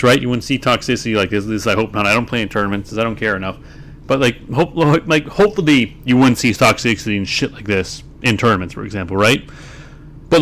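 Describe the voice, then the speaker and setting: A man's voice: mid-range voice, a bit bright. A man commenting on a card game replay, ranting in an exasperated, profane way as a video creator.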